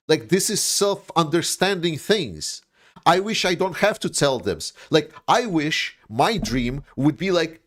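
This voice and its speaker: A man who grew up after the Soviet Union, hosting a political livestream with an emphatic, repetitive and profane delivery. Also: fairly high pitch. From Eastern Europe, post-Soviet. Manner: emphatic, repetitive, swears when angry. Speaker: livestream host. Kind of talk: impassioned political livestream monologue.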